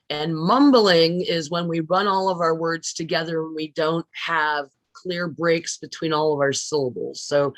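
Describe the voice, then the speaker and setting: A woman teaching public speaking in a recorded lecture, stressing words deliberately and often asking her listeners questions. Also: low voice, fairly bright tone, no echo. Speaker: speech teacher.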